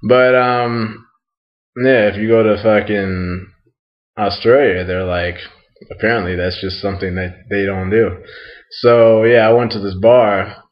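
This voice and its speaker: A man's voice: lowish voice, steady tone, measured pace, lo-fi sound. A young American man rambling in a crude, casual monologue, laughing a lot and filling his talk with "like" and "um", a little tipsy after a night out. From United States. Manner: crude, laughs often, fillers like "like" and "um".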